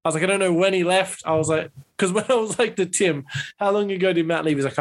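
A young man with a notably high voice chimes into a casual conversation, laughing often as he trades banter. His delivery is loose and chatty. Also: fast talker. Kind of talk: casual chat.

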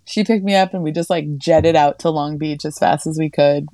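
A young woman on a podcast tells a story in a chatty, animated way, and she leans on "like" constantly. Her voice sits low and mellow. It is recorded dry and close. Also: moderate pace, no echo. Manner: chatty, animated, heavy use of "like". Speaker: podcast co-host. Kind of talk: casual storytelling chat.

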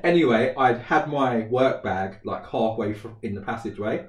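A man's voice: medium pitch, moderate pace. A man, chatting casually and acting out a story, laughing often. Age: 30s. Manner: animated storyteller, laughs often, acts out quotes. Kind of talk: casual chat. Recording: roomy sound, mic a bit distant.

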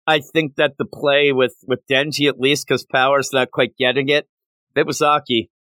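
A man co-hosting a podcast in casual discussion, talking in an animated way and retelling scenes with lively jumps in pitch. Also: normal speed, dry recording. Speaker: podcast co-host. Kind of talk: casual discussion of a manga chapter.

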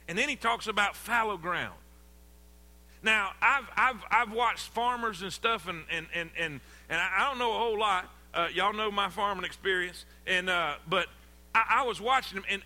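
Man, pastor, high bright voice, folksy call-and-response sermon. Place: church sanctuary.

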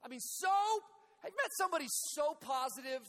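A high-voiced male pastor leads prayer and tells stories in an energetic, humorous sermon. He calls out to the congregation, and his voice rings with long reverb in the church sanctuary. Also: a little fast. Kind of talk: sermon with storytelling.

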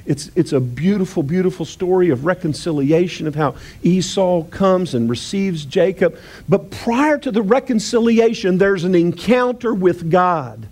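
A male pastor preaching a sermon, emphatic and repetitive, acting out Bible dialogue and rising toward near-shouts on key lines. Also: on the high side. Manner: acts out Bible dialogue in character voices.

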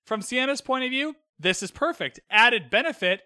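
A man casually recapping a TV episode as a podcast host, candid and animated, swearing freely. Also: extremely high pitch, normal speed, no room sound, studio quality.

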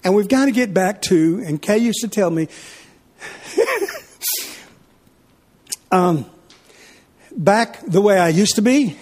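A man preaching a sermon, telling stories with lively back-and-forth dialogue. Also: sits high, takes it slowly, long pauses. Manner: animated storytelling, acts out his wife and himself in dialogue. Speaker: pastor.

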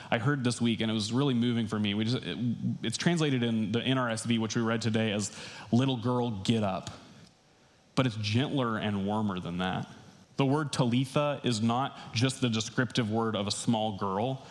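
A young adult man, a pastor, giving a sermon in a relaxed, conversational way with casual asides. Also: medium pitch.

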